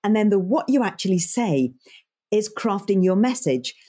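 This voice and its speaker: A woman voice coach giving emphatic, animated advice as a guest in a podcast interview. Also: mid-range voice, moderate pace. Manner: animated and emphatic, stresses key words.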